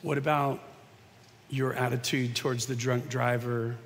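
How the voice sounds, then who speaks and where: A man preaching a sermon in a conversational way, moving from hushed asides to emphatic points. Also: medium pitch, flat delivery, unhurried, a little hiss or hum. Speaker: pastor. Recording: long reverb of a large hall.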